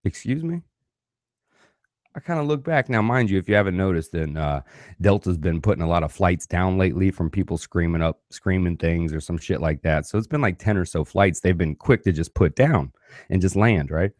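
Guy ranting through a travel story, low voice that swings all over, cussing a lot, dry close sound. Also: normal speed, no echo. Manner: animated, swearing freely. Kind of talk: casual profane storytelling.

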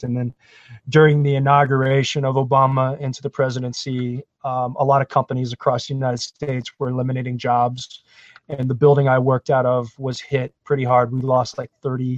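A man from Florida telling his career story in a podcast interview, animated and self-deprecating. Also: medium pitch, a little fast, no room sound, lo-fi sound. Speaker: guest, actor.

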